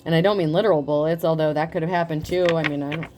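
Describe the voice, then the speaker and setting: A woman giving a casual tarot reading, talking in a profane, animated way and laughing often. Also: low-pitched, fast, a little hiss or hum. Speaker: tarot reader.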